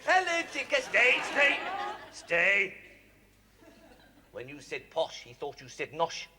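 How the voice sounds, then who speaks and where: A man's voice: high voice, huge pitch swings, slow, pushed and bright, exaggerated voice. A man voicing a cheeky, posh male fox puppet who giggles and teases with sing-song wordplay in 1970s children's TV comedy. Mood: cooing. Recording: studio audience laughter with hiss.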